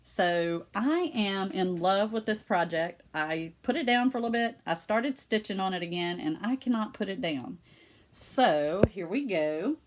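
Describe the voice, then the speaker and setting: A woman's voice: mid-range voice, lively intonation, a little slow. A middle-aged woman with a Southern US accent, chatting casually and with feeling in her cross-stitch vlog at home. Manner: chatty and emotional, with many fillers. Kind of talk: casual chat.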